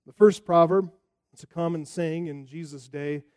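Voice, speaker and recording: Mellow high-voiced male preacher. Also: normal speed, clear, resonant tone. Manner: expressive preaching with rhetorical questions. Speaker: pastor. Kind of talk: sermon.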